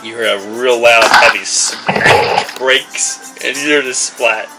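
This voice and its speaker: A man's voice: medium pitch, fairly even intonation, a little slow, loud music behind the voice, low-quality recording. A man narrating a tabletop game as game master, rambling through descriptions with fillers and restarts.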